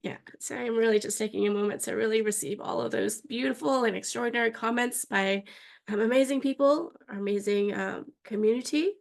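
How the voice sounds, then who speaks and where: A woman's voice: on the high side, a little fast, gravelly. A woman co-hosting a casual podcast as practice manager, talking in an effusive, gushing way with frequent restarts.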